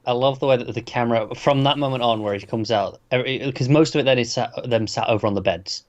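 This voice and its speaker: A man co-hosting a casual review chat, mostly giving short agreeing replies and calm observations. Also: mid-range voice, quick pace. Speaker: podcast co-host. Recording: dull lo-fi sound.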